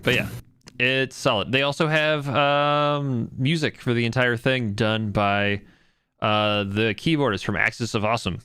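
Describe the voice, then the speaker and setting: Podcast co-host, male, bright crisp voice, rambling and profane. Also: mid-range voice, fairly even intonation, a little slow, dry recording. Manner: rambling, lots of fillers and "like"; profane, enthusiastic. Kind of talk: casual chat.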